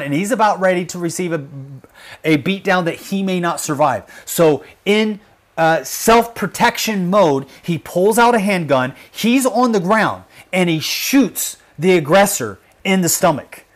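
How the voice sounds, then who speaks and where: A man hosting a livestream, talking with fervent emphasis and sinking to a hushed intensity on his gravest points. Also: high-pitched, animated, normal speed. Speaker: livestream host. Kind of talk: impassioned livestream commentary.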